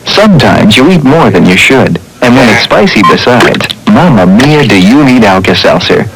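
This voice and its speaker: A man reading a 1960s TV commercial voice-over as the announcer, in a smooth selling tone. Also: mid-range voice, big pitch swings, moderate pace, a bit bright, slight background noise, poor audio.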